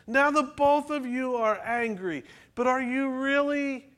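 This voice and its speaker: A man's voice: very high-pitched, a little slow, few pauses, fairly bright tone, smooth. A man preaching a sermon in a church, talking conversationally and asking the congregation questions. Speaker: pastor.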